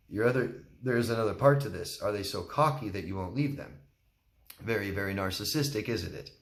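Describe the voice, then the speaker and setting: Man, low voice, coaching talk, candid and plain-spoken, roomy echo. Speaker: relationship coach. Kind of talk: solo Q&A talk to camera.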